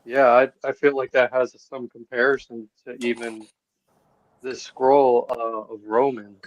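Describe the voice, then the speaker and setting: A man in a casual discussion, speaking deliberately and slowly repeating phrases. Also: medium pitch, little pitch movement, no echo. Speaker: discussion participant. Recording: dull, dry lo-fi recording.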